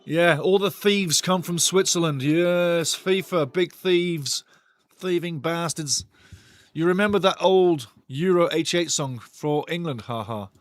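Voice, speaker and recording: Excitable, foul-mouthed male football watch-along host. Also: on the high side, unhurried, no room sound. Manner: excitable, blunt and foul-mouthed, swearing freely; bursts louder at big chances. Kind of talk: casual live football commentary and chat reading.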